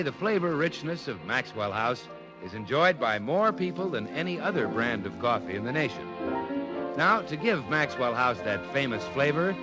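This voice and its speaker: A man reading a scripted commercial as a 1940s radio announcer, smooth and earnest. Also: medium pitch. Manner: smooth, earnest salesman delivery. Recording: old radio broadcast under loud music.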